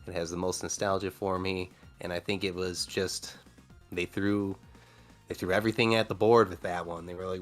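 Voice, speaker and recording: A man hosting a livestream countdown, announcing in a drawn-out, emphatic way. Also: sits low, level tone, faint music behind. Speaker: stream host.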